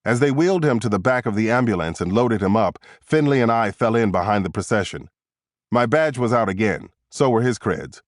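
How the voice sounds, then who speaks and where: A man narrating a thriller audiobook in the first person, with steady, tense storytelling. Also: lowish voice, brisk, no room sound, clean studio sound.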